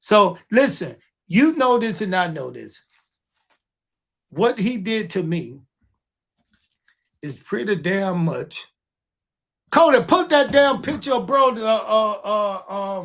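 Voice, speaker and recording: An older man with a fairly high voice hosts a podcast and tells a story in loose, casual chat. He acts out each quote with energy and swears freely along the way. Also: sing-song, slow, a bit bright. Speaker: podcast host.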